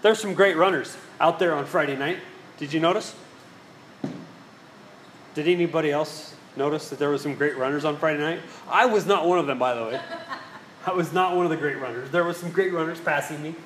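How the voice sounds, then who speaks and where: Male pastor, storytelling sermon voice, slightly raised pitch, roomy hall with faint background hum. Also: fairly quick, fairly bright tone. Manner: storytelling, rhetorical questions to the congregation. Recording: echoey hall with faint ambience.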